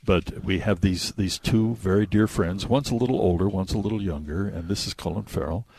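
A man hosting a casual radio chat about movies, telling the story with animated acted-out quotes. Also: low-pitched, brisk, creaky, breathy edge, no room sound. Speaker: radio host.

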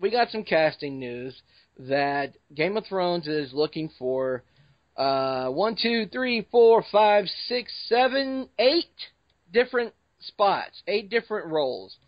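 A man's voice: sits high, very animated, slow pace, no echo, lo-fi sound. A man hosting a casual podcast. He jokes and talks informally as he leads the discussion. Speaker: podcast host.

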